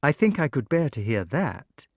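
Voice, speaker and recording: A man's voice: medium pitch, sing-song, moderate pace, a little mellow, husky, no room sound, clean studio sound. A man voicing a curious, tender-hearted young boy who speaks politely and hesitantly, in an audiobook.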